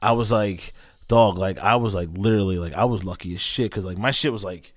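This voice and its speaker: A man's voice: fairly low pitch, a little fast. A young man co-hosting a podcast, telling a story in a laid-back, slangy, profane way with lots of fillers. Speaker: podcast co-host. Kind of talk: casual storytelling chat.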